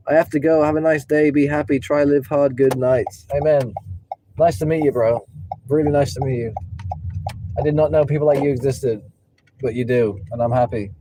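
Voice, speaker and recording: A young man chats loosely with his livestream viewers from inside his car. His voice is very dark and mellow, with middling pitch, and he drifts from thought to thought, talking straight to the chat. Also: steady tone, moderate pace. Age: 20s. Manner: rambling, talks to chat viewers, breaks into singing. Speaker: livestreaming rideshare driver.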